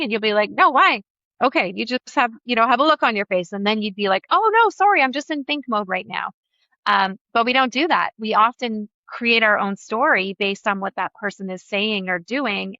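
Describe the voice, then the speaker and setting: A woman's voice: medium pitch, brisk, pushed and bright, no room sound, lo-fi sound. A woman facilitator speaking as a podcast guest, earnest and reflective, sharing personal examples. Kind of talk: conversational interview.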